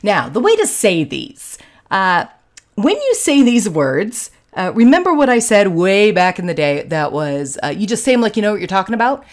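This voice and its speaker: A woman's voice: medium pitch, sing-song, moderate pace. A woman with a Southern US accent giving a casual, joking science lecture with frequent fillers. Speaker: lecturer in forensic entomology. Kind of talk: recorded lecture with slides.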